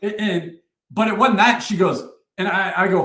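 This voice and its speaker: A man in his forties, a retired army first sergeant, telling war stories as a podcast guest in a profane, animated way. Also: sits high, normal speed. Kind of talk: casual war storytelling. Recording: roomy echo.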